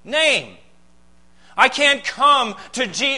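A pastor delivering a sermon. He preaches emphatically, with dramatic pauses and rhetorical questions. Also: very high voice, sharp tone, poor audio.

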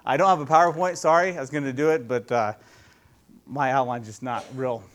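In a church, a youth pastor delivers a relaxed, chatty sermon and frequently asks the audience questions. His male voice sits at medium pitch, moves a little fast, and sounds a bit bright.

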